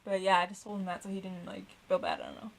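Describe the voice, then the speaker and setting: A woman's voice: mid-range voice, wildly swooping pitch, racing, vocal fry, slight background noise, rough recording. A young woman co-hosting a podcast in casual chat, blunt and rambling, swearing often and filling with "like". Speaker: podcast co-host.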